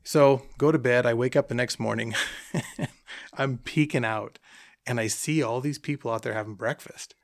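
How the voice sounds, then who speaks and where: A man casually telling an animated travel anecdote, acting out the dialogue as he goes. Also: mid-range voice, normal speed, no echo, studio quality. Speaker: hunting trip guest telling a story. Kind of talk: casual storytelling.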